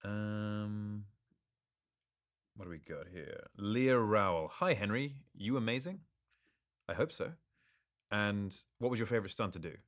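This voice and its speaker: Low-voiced man in a relaxed Q&A. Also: measured pace, long pauses. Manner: reads questions aloud, relaxed and good-humored; stumbles and restarts in thought. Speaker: actor answering fan questions. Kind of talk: live social-media Q&A.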